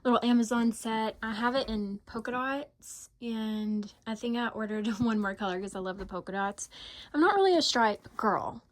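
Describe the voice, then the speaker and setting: A woman's voice: fairly high pitch, moderate pace, dry recording. A woman in her thirties, a mom vlogging in casual chat to the camera, gushing and chatty with lots of fillers.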